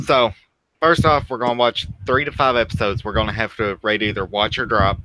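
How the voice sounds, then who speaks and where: A man hosting a casual podcast, laying out the rules of a segment in a relaxed way. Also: mid-range voice, moderate pace, dry recording, low-quality recording. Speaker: podcast host. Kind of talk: casual chat.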